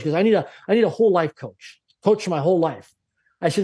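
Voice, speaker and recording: A middle-aged man from Canada speaks with a slightly raised pitch and drives his points home in punchy lists. He tells stories with energy and acts out the people in them. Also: fast talker, darkish tone. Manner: emphatic, punchy lists, acts out quoted dialogue. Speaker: guest. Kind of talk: energetic motivational storytelling.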